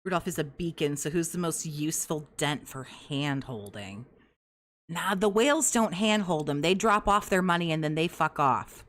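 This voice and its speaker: A woman's voice: low voice, expressive, normal speed, a bit bright. A woman co-hosting a podcast, talking in crude casual commentary with constant fillers and frequent laughter. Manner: profane, giggly, lots of "like" fillers. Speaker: podcast co-host.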